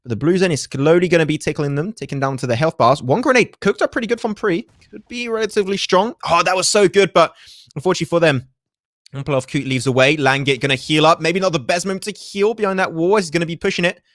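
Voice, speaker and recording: A male esports caster rattles through live play-by-play at a fast clip, his voice sitting a little high. He talks into a headset with a dry, close sound and tosses in quick jokes between calls. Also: no room sound. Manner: fast, energetic, joking asides.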